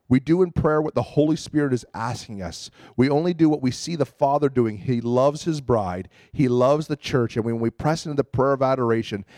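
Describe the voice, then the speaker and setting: A man preaching a sermon in a plain, conversational way. He is earnest and slips into acted-out quotes and short prayers. His voice sits at an ordinary pitch in a dry, close recording. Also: warm tone, no echo. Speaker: pastor.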